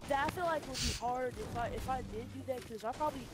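A man's voice: extremely high pitch, fast talker. A young man gaming with friends, talking insistently and repeating himself in voice chat over a headset. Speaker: gamer in party chat. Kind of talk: casual chat while gaming.

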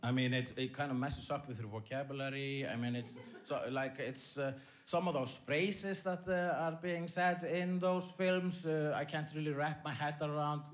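A man doing stand-up comedy on a theater stage, rambling and deadpan, with lots of fillers and restarts. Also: on the high side, normal speed.

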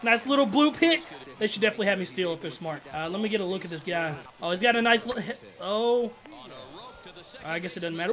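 A young man, commenting excitedly on his own video game at-bats, trash-talking and calling everyone "dog" and "bro". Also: high voice, fast. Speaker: gaming channel host.

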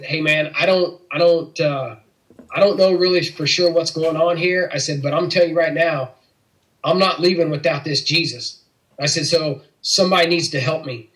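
A man's voice: fairly high pitch, fairly bright tone, rough recording. Earnest middle-aged man telling his story. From Missouri. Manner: earnest storytelling, acts out quoted dialogue. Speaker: interview guest. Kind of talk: personal faith testimony.

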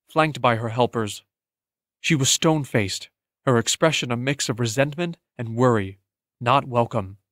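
Steady male audiobook narrator, dry. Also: mid-range voice, no echo. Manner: measured, steady storytelling. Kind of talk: scripted narration.

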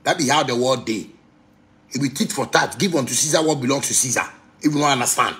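A Ghanaian man ranting on a casual livestream, animated, with sharp swings from low mutters to loud outbursts. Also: fast. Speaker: musician on a livestream.

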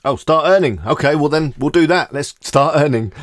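A man hosting a screen-recorded software tutorial, talking casually and thinking aloud as he clicks through each step. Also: a little high, moderate pace, no echo, studio quality. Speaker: tutorial host.

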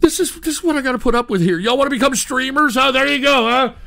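High gravelly man ranting angrily. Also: fast talker. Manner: angry profane ranting, yelling at callers and chat. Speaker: radio show host and streamer. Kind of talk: call-in radio show rant.

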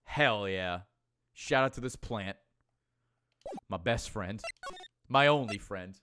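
A man commentating on a video game he is playing, joking, excitable and often swearing. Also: lowish voice, takes it slowly, a little hiss or hum. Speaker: let's play host. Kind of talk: gameplay commentary.

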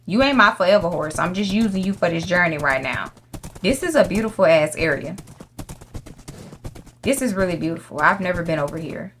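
A woman's voice: lowish voice, lively intonation, brisk, a bit bright, a little hiss or hum. A young woman giving casual gameplay commentary, brash and profane, scolding the animals in her game. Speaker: gaming YouTuber.

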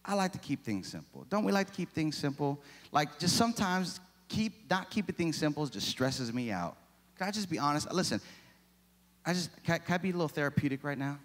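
A man's voice: a little high, big pitch swings, brisk, fairly bright tone. A man in his forties preaching a sermon, chatty and self-deprecating, with lots of rhetorical questions. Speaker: pastor. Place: church sanctuary. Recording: long reverb of a church hall.

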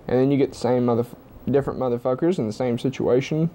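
A man's voice: medium pitch, fast, dark tone. A young man at home giving a blunt, heavily profane opinion monologue to camera. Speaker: vlogger.

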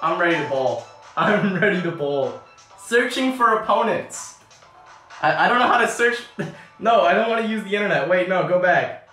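A woman streaming a game, excitable and swearing often, yelling when she scores. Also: on the low side, normal speed. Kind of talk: live game stream commentary. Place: bathroom. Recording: echoey bathroom, distant from mic, faint game music.

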